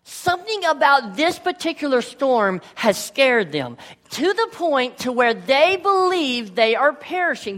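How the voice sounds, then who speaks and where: A woman's voice: high voice, very animated, unhurried, a bit bright. A woman preaching a sermon to a congregation in a church, talking in a conversational way with playful asides. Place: church sanctuary.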